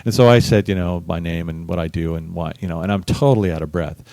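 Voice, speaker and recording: A middle-aged man, a bass musician, telling a lively story in a casual interview, acting out the people he quotes. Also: fast, no echo. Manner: animated storyteller, acts out quoted voices. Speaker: guest musician.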